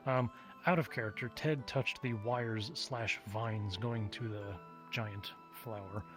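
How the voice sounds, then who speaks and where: A man speaking in character in an online roleplay, hesitant and pausing on fillers. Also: lowish voice, fairly even intonation. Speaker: roleplay player. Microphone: online voice chat. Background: music.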